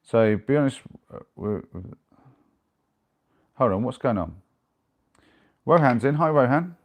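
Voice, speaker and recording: A man's voice: mid-range voice, lively intonation, a little slow. A man chatting casually on a live stream and answering viewer messages as they come in. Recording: noisy with clicks.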